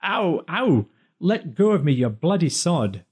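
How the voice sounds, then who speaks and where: A snarling bully of a man, big and crude, spitting insults in a warm, mellow voice, as a male narrator puts him on. He yells and sneers through every line of this audiobook scene. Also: mid-range voice, fairly even intonation, normal speed, close to an everyday voice. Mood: yelling. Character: brutish bullying brother-in-law, big and snarling.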